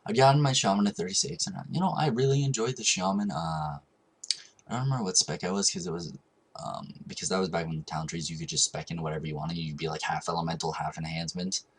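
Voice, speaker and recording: A man's voice: deep voice, fast, slightly rough. A young man telling a long gaming story in a casual vlog, rambling with frequent ums and restarts. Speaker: vlogger.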